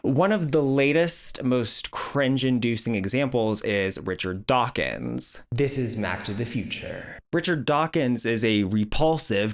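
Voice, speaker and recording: A man's voice: mid-range voice, fairly bright tone. Sarcastic male commentary host. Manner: sarcastic, blunt, mocking. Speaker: video essay host. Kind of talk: commentary vlog.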